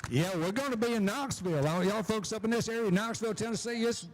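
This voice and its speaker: A man with a Southern US accent, announcing live at a drag strip on a handheld mic, folksy and quick, tripping over his words. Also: sits high, a little hiss or hum. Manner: fast-talking, folksy, slips on words. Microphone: handheld microphone.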